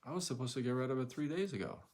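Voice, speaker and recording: A man hosting a live stream, telling a story casually in a rambling, animated way, full of fillers and restarts. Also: medium pitch, racing.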